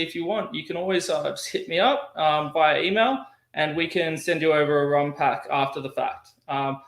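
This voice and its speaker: A man's voice: on the high side, roomy sound. A man hosting a rum tasting over a video call, chatty and friendly, with many restarts. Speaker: host.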